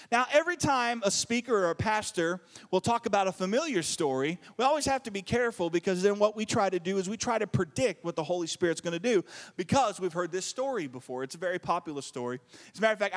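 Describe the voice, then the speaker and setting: A male pastor preaches in a lively way, his voice sitting a little high for a man and ringing with the long reverb of a church hall. He reads scripture, jokes in asides and calls out for the congregation to answer. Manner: animated preacher, joking asides and call-and-response. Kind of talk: sermon.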